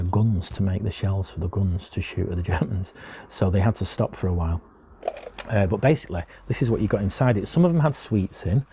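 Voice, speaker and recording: A man's voice: sits low, mellow, husky, no echo. A man teaching a chatty history lesson to children, often asking them questions as he shows objects.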